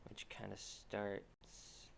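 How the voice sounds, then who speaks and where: Speaking very slowly against slight background noise, a young artist streams himself drawing. He chats casually, thinking out loud and frequently restarting his sentences.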